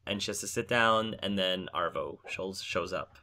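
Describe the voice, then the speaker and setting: A man's voice: low-pitched, normal speed, crowd noise. A man hosting a casual podcast discussion of a video game, steering the talk and asking his co-hosts questions. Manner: leads the conversation, thoughtful. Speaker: podcast host.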